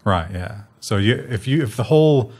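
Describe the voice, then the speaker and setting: A man's voice: lowish voice, expressive, darkish tone, husky. Joking man co-hosting tech news. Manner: joking, mock-corporate asides, quick banter. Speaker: news show co-host. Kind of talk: casual tech news chat.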